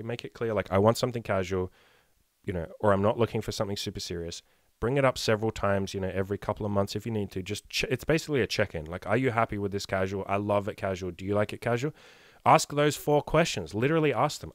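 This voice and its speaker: Thirties male dating coach, low-pitched, dry close sound, blunt and swearing, podcast chat. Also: no room sound. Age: 30s. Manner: blunt and profane; emphatic, rhetorical questions.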